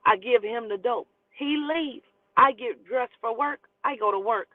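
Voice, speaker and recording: A woman's voice: on the high side, unhurried, dry recording. A woman in her forties telling a personal story in a blunt, profane, emphatic way, like a casual storyteller host. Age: 40s. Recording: tinny phone-like, dry sound.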